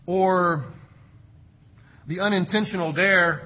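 A man's voice: fairly high pitch, lively intonation, a little slow, slightly rough, lo-fi sound. A man preaching a sermon as pastor, emphatic and full of rhetorical questions. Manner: emphatic, rhetorical questions, acts out parents' sayings.

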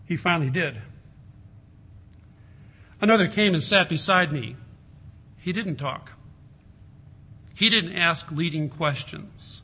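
A man preaching a sermon in an earnest way, slowing down and softening his voice to stress a point. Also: a little high, animated, slightly rough. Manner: earnest, slows and softens for emphasis. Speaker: pastor.

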